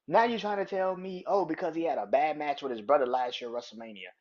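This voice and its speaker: Male podcast host on a heated, swearing rant, husky tone, muffled lo-fi recording. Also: a little high, fast talker, few pauses. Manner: heated, profane, emphatic ranting. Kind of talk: ranting wrestling podcast. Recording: dull lo-fi audio.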